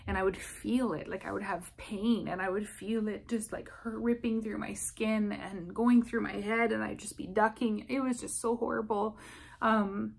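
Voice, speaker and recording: A woman giving candid personal testimony to camera, speaking in a halting, emotional way with frequent restarts. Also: mid-range voice, fairly even intonation, vocal fry, a little hiss or hum. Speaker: vlogger sharing a personal experience.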